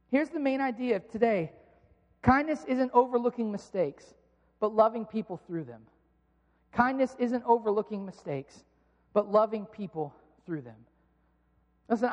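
A man's voice: extremely high pitch, in a large hall, muffled recording. A middle-aged man preaching a sermon, telling a personal story in an earnest, conversational way with casual fillers.

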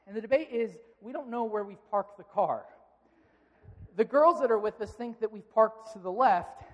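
A male pastor giving a sermon, telling a story with lively, animated delivery. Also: sits high, normal speed. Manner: animated storytelling, shouting quoted outbursts. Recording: long hall reverb.

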